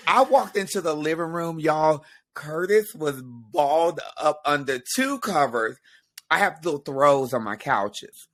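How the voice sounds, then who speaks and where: Playful animated man with a drawl. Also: a little high, measured pace. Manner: animated, playful storyteller, teasing. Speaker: guest. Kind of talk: casual chat.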